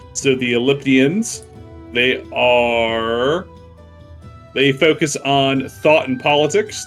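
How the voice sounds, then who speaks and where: A man's voice: mid-range voice, fairly bright tone. A man narrating as game master of a tabletop game, chatty, with many fillers and frequent laughs.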